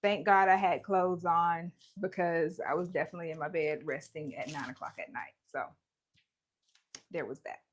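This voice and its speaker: This woman speaks at a normal speed with a fairly low, steady voice. She's hosting a relaxed embroidery livestream from her home, chatting and joking, laughing a lot and greeting viewers by name. The audio comes through a live-streaming setup.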